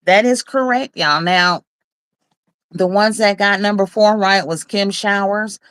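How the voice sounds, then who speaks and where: A woman's voice: medium pitch, fairly even intonation, measured pace, a bit bright, no echo. A woman hosting a casual livestream, reading viewers' comments aloud, teasing them and laughing often. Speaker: livestream host.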